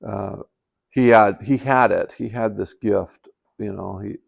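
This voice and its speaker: A man's voice: on the low side, measured pace, creaky. An older man in retirement telling a personal story in a casual, rambling way, with many fillers and restarts. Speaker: vlogger telling life stories.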